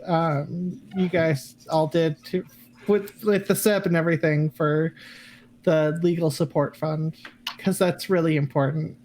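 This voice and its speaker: A man with a fairly high voice chats after a tabletop session as a guest player. He rambles along with fillers and plays down his own help. Faint background noise sits behind him. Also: fairly even intonation, unhurried, a little mellow. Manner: rambling, self-deprecating. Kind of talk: casual post-game chat.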